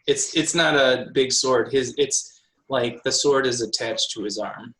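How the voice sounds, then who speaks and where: Slow, bright-voiced male game master. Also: mid-range voice, poor audio. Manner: unhurried, filler-heavy narration. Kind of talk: narrating a tabletop game.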